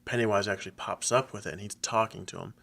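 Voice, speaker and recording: A man co-hosting a podcast in casual chat, excitable, laughing often and acting out quotes. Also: fairly low pitch, fast, vocal fry. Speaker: podcast co-host.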